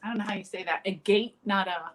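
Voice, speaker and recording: A woman's voice: mid-range voice, fairly even intonation, quick pace, poor audio. Rambling woman comedian telling stories. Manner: rambling, full of fillers and restarts. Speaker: comedian guest. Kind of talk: casual interview storytelling.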